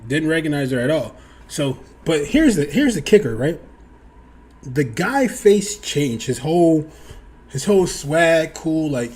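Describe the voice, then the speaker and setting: A young man telling a casual story to his viewers, animated, acting out the other people in high voices and swearing freely. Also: a little slow, husky. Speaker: storyteller vlogger.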